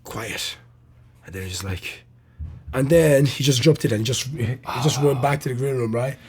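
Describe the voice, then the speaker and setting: A man's voice: mid-range voice, normal speed, darkish tone, husky. A young man, a comedian, telling a story casually, with lots of laughing, fillers and swearing. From Ireland. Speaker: comedian guest.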